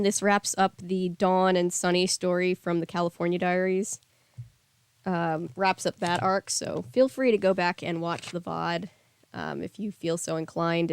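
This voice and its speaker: A woman's voice: on the low side, smooth, dry recording. A woman streamer reading a novel aloud on stream, with casual asides and self-corrections.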